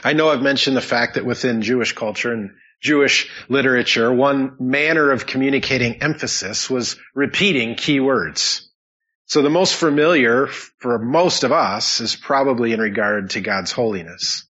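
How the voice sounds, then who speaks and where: A man's voice: medium pitch, normal speed, bright, forceful tone, dull audio. A man preaching a sermon as pastor, praying and then teaching in an earnest way with dry teasing asides, in a church sanctuary. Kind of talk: sermon with opening prayer.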